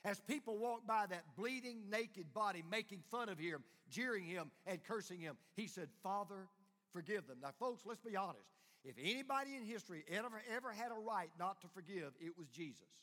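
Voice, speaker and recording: A man preaching a sermon as a pastor, swinging from hushed, close lines to loud, rising calls to the congregation. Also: sits high, expressive, normal speed. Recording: long hall reverb.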